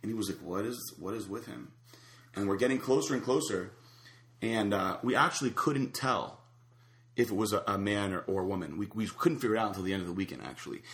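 A man's voice: on the low side, fast, reverberant. A man telling a long rambling story in casual chat, full of fillers and restarts. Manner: rambling, animated anecdote with many fillers.

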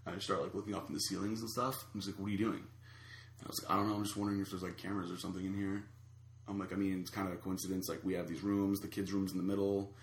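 A man's voice: low-pitched, quick pace, roomy sound, a little hiss or hum. A man casually telling a long anecdote, acting out the other people's lines. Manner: animated storyteller acting out quotes. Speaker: storyteller guest.

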